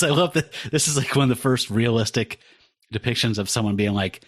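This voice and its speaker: A man's voice: medium pitch, brisk. A man co-hosting a comic podcast, recapping an issue in a wry, joking way. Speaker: podcast co-host. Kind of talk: casual chat recapping a comic.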